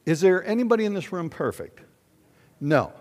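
An older man preaching a sermon in a church, animated and questioning his congregation. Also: sits high, normal speed. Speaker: pastor. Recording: long hall reverb.

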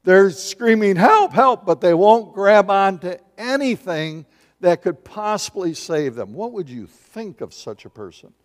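A man preaching a sermon in a lively, conversational way, asking the congregation questions and acting out little voices. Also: high-pitched, measured pace. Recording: long hall reverb.

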